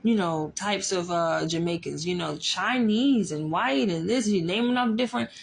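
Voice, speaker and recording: A woman's voice: on the low side, moderate pace, vocal fry, slight background noise. A woman psychologist talking casually and emphatically, often tossing in rhetorical asides. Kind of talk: casual commentary.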